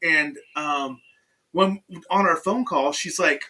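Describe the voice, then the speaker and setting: A man hosting a talk show, telling animated stories that act out quoted dialogue, and laughing often. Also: fairly high pitch, slow pace, recorded from a distance, poor audio. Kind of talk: casual interview chat.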